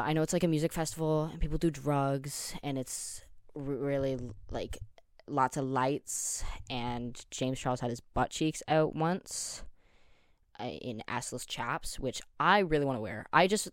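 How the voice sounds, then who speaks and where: A man's voice: a little high, smooth, no echo, studio quality. A young man in his late teens hosting a casual solo podcast, rambling, joking and teasing himself. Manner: rambling, jokey and self-deprecating. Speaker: podcast host. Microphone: studio headphones with a desk mic.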